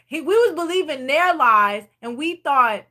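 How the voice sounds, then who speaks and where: A woman with a high, bright voice talks casually to her viewers about faith. She rambles freely and stops to read out their comments. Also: animated, measured pace. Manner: chatty and rambling, reading viewer comments aloud. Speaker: channel host leading a Bible study.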